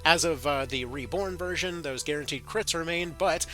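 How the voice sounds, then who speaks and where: Bright-voiced man rambling through game news. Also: a little high, normal speed, faint music behind. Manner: rambling, filler-heavy, sardonic. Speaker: gaming video host. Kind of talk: casual commentary video.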